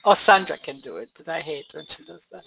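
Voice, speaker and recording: A woman's voice: sits low, expressive, brisk, creaky, a bit bright, slight background noise, rough recording. A woman coaching a group on a call, blunt and emphatic, laughing often. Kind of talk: casual group coaching talk.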